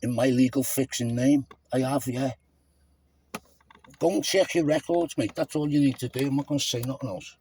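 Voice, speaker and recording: A man's voice: mid-range voice, steady tone, moderate pace, a little mellow, a little hiss or hum. A man in his fifties arguing at the roadside in a combative, lecturing way, calling the officer "mate" over and over. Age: 50s. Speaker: stopped motorist. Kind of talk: heated roadside argument. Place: roadside, by a car.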